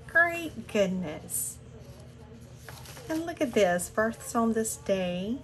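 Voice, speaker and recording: Extremely slow yet very animated, this older Southern woman has a slightly high, fairly bright voice. She hosts a crafting unboxing vlog from her home craft room, gushing with gasps and breathless exclamations. The home recording has background noise.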